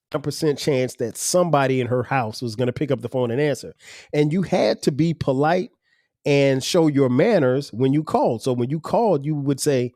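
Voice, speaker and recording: Man, forties, podcast host, easygoing storyteller, laughs a lot, slangy, middle pitch, dry close sound. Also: no room sound. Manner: relaxed, laughs often, slangy, drawn-out filler pauses. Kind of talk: casual storytelling monologue.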